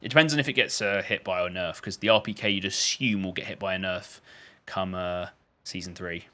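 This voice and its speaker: Bright-voiced chatty man streaming. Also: deep voice, brisk. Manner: rambling and chatty, many restarts. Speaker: game streamer. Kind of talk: live-stream gaming commentary.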